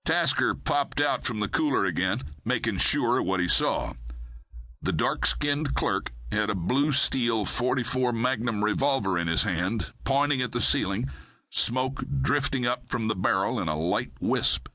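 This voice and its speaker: A man narrating a crime thriller audiobook in a steady, measured way. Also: mid-range voice, dry recording, studio quality.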